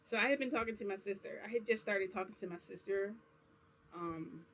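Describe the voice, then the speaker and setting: A woman's voice: mid-range voice, a little fast, a bit bright. A woman vlogger telling a personal story in a casual, rambling way, full of fillers and asides. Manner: rambling, chatty, many fillers.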